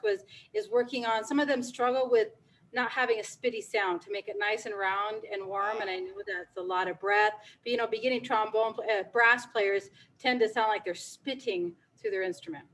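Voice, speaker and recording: A woman's voice: mid-range voice, steady tone, fairly quick, fairly bright tone, poor audio. A woman band teacher politely asking a guest expert questions for her students.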